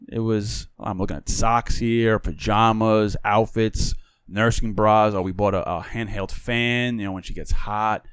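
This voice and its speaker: A young man co-hosting a podcast, telling stories quickly in casual chat and acting out quoted dialogue. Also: on the low side, smooth, no echo, studio quality. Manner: fast, animated storytelling with quoted dialogue. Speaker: podcast co-host.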